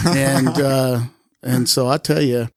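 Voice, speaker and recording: A retired police officer in his fifties tells a story on a podcast, animated and loose with swearing. His voice sits in a middle pitch, and the sound is close and dry, with no room in it. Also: slow, no room sound. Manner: animated, swears freely, acts out quoted lines. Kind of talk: casual storytelling.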